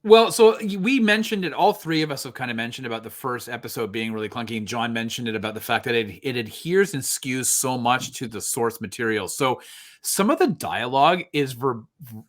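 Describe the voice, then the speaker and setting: A man's voice: medium pitch, animated, fairly quick. A man co-hosting a podcast, chatting casually about a TV series, laughing often and wandering into asides. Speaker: podcast co-host. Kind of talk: casual chat.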